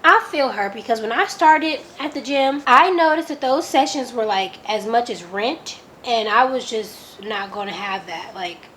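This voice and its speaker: A woman's voice: a little high, lively intonation, measured pace, hardly any pauses, fairly bright tone, slight background noise. A woman from Oakland reading a book aloud and commenting on it in a chatty way, filling her sentences with "like" and sounding openly incredulous. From Oakland, California. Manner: chatty, lots of "like", reacts with disbelief. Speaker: book reviewer.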